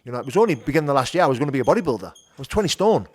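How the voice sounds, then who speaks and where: A man's voice: mid-range voice, sing-song, rapid-fire. A middle-aged man, a podcast guest telling his story frankly, peppering his talk with "you know" and "do you know what I mean". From North of England. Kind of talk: candid conversational storytelling.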